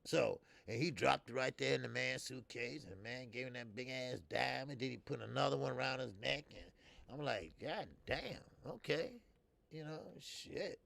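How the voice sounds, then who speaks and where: A man in his fifties hosting a boxing talk show, swearing freely and rambling with many fillers, jumping between loud emphatic bursts and low mutters. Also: brisk, gravelly, no echo. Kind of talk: casual opinionated commentary.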